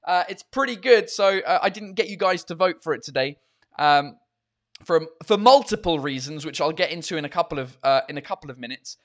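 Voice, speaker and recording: High-voiced man rambling casually at home. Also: animated, brisk, a bit bright. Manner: rambling, loose and profane. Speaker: host of a live beer-drinking chat show. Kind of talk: casual live-stream chat.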